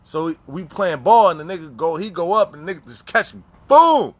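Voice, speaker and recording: Slangy, animated man telling stories. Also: fairly high pitch, fast. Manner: animated, profane slang, frequent restarts and repeats. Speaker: former inmate telling prison stories. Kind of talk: casual storytelling.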